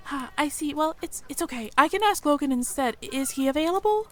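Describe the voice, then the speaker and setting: A woman's voice: high voice, animated, fairly quick, fairly bright tone, pitched above the performer's own voice. Woman doing a stammering shy young mouse girl. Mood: timid, flustered. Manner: stammering, apologetic. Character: shy nervous young female mouse villager.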